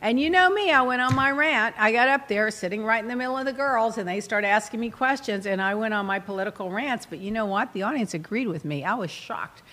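A woman's voice: a little high, a little fast, hardly any pauses. A woman hosting a talk show, telling a long, rambling personal story in casual chat and acting out her own asides. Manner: animated, rambling, quotes herself in asides. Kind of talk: chatty storytelling monologue.

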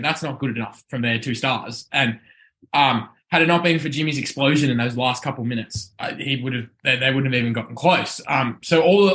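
A man on a casual sports podcast, hoarse from shouting and still running on adrenaline, rambling with restarts. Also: medium pitch, fairly quick. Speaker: podcast panelist.

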